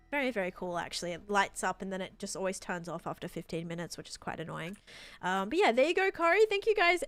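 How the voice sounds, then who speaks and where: A woman chatting casually and bubbly on a live stream while playing, thanking her viewers. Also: medium pitch. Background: faint background music.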